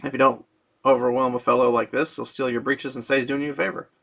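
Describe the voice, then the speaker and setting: A man's voice: medium pitch, little pitch movement, quick pace, gravelly, a bit bright. A man voicing a cocky young male gambler who bargains brashly.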